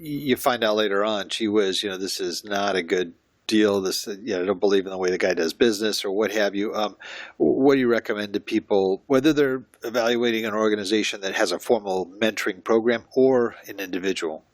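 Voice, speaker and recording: A man's voice: on the low side, no echo. A man hosting a podcast interview, asking questions in a conversational way. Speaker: podcast host. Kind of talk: casual interview talk.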